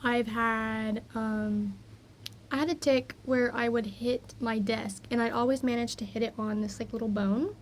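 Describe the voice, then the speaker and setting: A young woman with a slightly high voice chats loosely in a personal vlog, drifting off on tangents and filling gaps with ums. She films herself on a phone outside by a backyard garden, with faint outdoor ambience behind her. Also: fairly even intonation, measured pace, a little hiss or hum. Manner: rambling, easily distracted, frequent fillers. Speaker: vlogger. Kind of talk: casual personal vlog chat.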